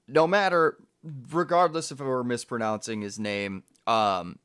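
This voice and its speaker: A man's voice: mid-range voice, fairly bright tone, clean tone. A man co-hosting a casual review show, rambling and restarting as he thinks aloud about video edits. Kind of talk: casual podcast chat.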